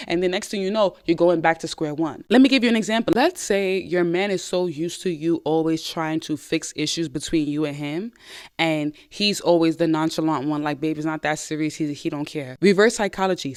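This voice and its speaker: Emphatic woman podcast host giving advice. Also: medium pitch. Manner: emphatic, repetitive, addresses listeners directly; acts out short quoted lines in conversation. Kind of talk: casual advice talk to listeners.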